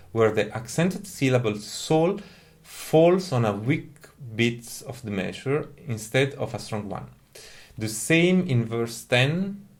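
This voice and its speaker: Guy lecturing on music, talks real slow and careful, mid-pitched voice. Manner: careful, measured, methodical explaining. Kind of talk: explanatory lecture.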